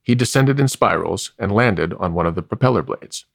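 Gravelly, low-voiced male storyteller. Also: no echo, studio quality. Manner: wry, measured, expressive. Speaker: narrator. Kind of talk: storybook reading.

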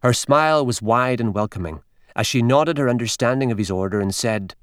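A man narrating an audiobook in a measured, expressive way. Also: medium pitch, smooth, no echo, studio quality.

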